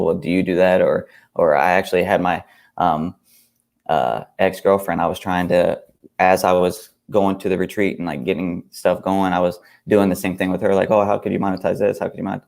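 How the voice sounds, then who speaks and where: A man who is a guest on a podcast, chatting in a hesitant, halting way. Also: low voice, gravelly, a little mellow. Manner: hesitant, halting, many fillers and restarts. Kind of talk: casual podcast chat.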